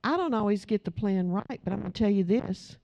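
A woman's voice: medium pitch, fairly quick, darkish tone. A middle-aged woman preaching a sermon in a conversational way, asking the audience questions.

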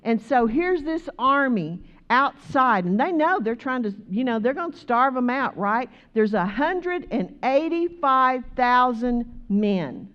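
A woman preaching a sermon, moving from conversational talk to loud, rhythmic exhortation. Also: on the high side, expressive, slow pace, few pauses, dull audio.

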